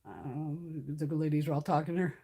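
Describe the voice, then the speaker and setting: A woman's voice: low-pitched, flat delivery, fairly quick, mellow, breathy edge. A middle-aged woman chatting on her livestream, ranting bluntly with lots of swearing and laughter as she reads comments. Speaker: beauty livestream host. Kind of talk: casual chat while reading live comments.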